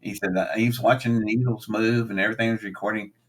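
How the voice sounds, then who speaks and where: Husky older man telling animated stories. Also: lowish voice, fast talker. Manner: animated storyteller acting out quoted lines. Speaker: guest. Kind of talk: storytelling in casual conversation.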